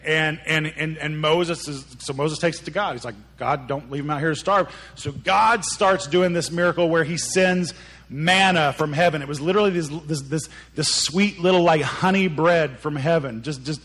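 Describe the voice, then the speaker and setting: A man's voice: a little high, normal speed, a bit bright. A man preaching a sermon, retelling stories in a conversational way and acting out the characters' lines, often repeating words as he goes. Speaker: pastor.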